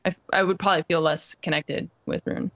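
A woman's voice: fairly low pitch, steady tone, fast, gravelly, a bit bright, dry recording, highs cut off. A woman who plays in a tabletop game, chatting casually and sassily about her character voice. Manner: sassy, chatty. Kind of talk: casual chat.

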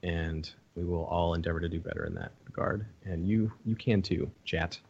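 A man's voice: low voice, fairly even intonation, moderate pace, a little mellow, breathy edge, lo-fi sound. A man running a tabletop game, chatting casually and encouragingly with his players after a stream. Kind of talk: casual post-game chat.

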